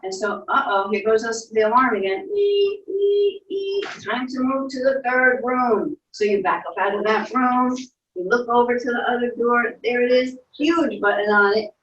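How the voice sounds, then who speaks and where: A woman leading children through a guided imagination story, in a soft, playful storytelling way with little sound effects. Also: a little high, normal speed, dull audio. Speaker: instructor leading a guided visualization. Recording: echoey room, distant from mic.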